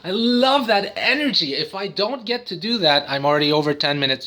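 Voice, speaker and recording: This vlogger, an autistic father, has a high-pitched, animated, bright voice with a forceful tone and talks a little fast. Addressing the camera casually about his habits, he rambles, interrupts himself, and often slips into sudden singing, noises and cartoon voices.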